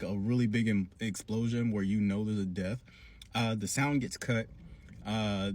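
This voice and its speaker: A man giving a casual, slangy recap of a cartoon episode with animated storytelling. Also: fairly low pitch. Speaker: cartoon reviewer.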